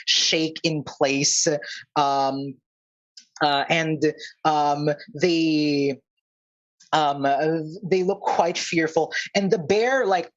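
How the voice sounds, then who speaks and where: A man narrating a tabletop game as game master, halting with many fillers. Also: on the high side, a bit bright, lo-fi sound.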